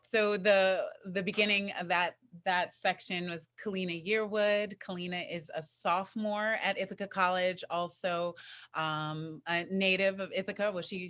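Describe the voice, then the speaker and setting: Chatty woman presenter with a lowish voice. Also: fairly bright tone. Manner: chatty, informal, asks the audience questions. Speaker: event presenter. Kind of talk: casual presenting to an audience.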